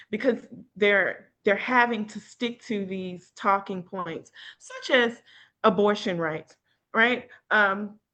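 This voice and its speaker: A woman's voice: medium pitch, a bit bright. A woman from North Carolina, a podcast guest in casual political chat, talking earnestly and bluntly and often ending with "right?".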